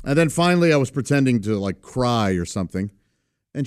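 A middle-aged man tells a relaxed personal story in a lively, animated voice that rises and falls freely. He halts often on "uh" fillers and chuckles between phrases. The sound is dry and close. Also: mid-range voice, fairly quick, clear, resonant tone, dry recording. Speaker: vlogger. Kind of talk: casual storytelling.

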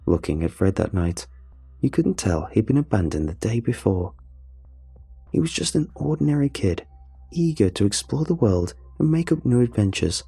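Gravelly low male storyteller. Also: big pitch swings, normal speed, no echo. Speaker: narrator. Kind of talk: scripted story narration. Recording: soft music under the voice.

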